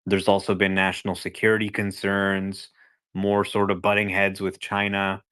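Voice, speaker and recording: A low-pitched man with a smooth voice talks at normal speed as a podcast's guest analyst in a casual discussion. Conversational by default, he turns animated when dramatizing a scenario.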